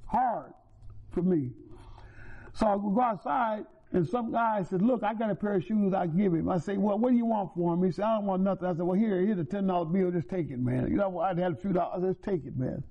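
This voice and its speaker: Man, high-pitched, testifying in church; emotional storyteller with restarts, tinny phone-like recording. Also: fairly quick. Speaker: church member giving testimony. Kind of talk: personal testimony.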